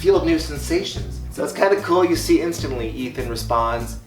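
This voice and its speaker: Upbeat hypnotist, echoey room. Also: male voice, on the high side, animated, normal speed. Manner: upbeat, laughs often, explains as he goes. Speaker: hypnotist host. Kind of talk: casual reaction commentary. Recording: echoey room with music underneath.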